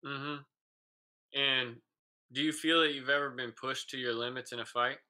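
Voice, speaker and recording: A man's voice: mid-range voice, fairly even intonation, a little slow, pushed and bright, poor audio. A man hosting a podcast interview, asking questions and telling stories in a casual, slangy way. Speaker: podcast host.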